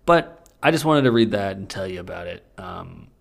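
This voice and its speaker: A man with a low, gravelly voice co-hosts a podcast in loose, crude banter. He jokes freely and laughs often. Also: lively intonation, normal speed. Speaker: podcast co-host. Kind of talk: casual comedic chat, reading fan fiction aloud.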